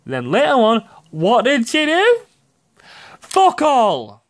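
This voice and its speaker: A young man giving profane, ranting commentary on video games, excitable and quick to burst out shouting. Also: extremely high pitch. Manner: excitable, swears often, sudden shouty outbursts. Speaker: gaming commentator.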